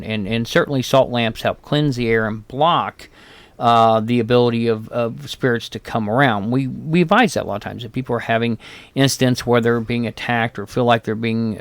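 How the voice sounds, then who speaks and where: A man's voice: mid-range voice, gravelly, no echo. A man co-hosting a podcast, explaining things at length in an easygoing casual chat. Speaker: podcast co-host.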